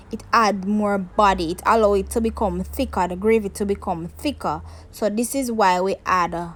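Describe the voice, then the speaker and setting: Jamaican woman, cooking channel host, casual step-by-step talk, mid-pitched, home kitchen. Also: poor audio. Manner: chatty step-by-step explaining to viewers.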